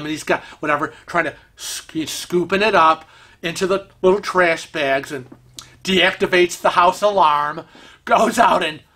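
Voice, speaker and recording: A man telling a story in an animated, excitable way to his vlog viewers. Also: fairly high pitch. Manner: animated, excitable storytelling with laughs and acted-out quotes. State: vision impaired, uses a cane. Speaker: vlog host. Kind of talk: casual storytelling.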